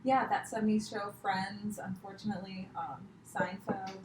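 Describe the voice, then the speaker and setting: A woman's voice: mid-range voice, level tone, normal speed, very noisy. A woman from India with an American accent, a comedian chatting casually as a podcast guest and laughing often. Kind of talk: casual chat. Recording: echoey room.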